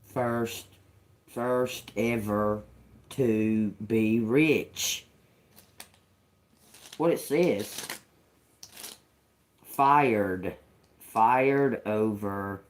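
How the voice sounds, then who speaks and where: Slow, musing man reading tarot cards. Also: lowish voice, slight background noise, rough recording. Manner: slow, musing, repeats words as he reads cards; addresses listeners as y'all. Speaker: tarot reader. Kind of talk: casual tarot reading to viewers.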